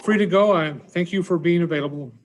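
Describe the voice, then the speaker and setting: A man's voice: a little high, fairly quick, a little hiss or hum. A man presiding as judge in court, folksy as he explains rulings. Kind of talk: presiding over a hearing.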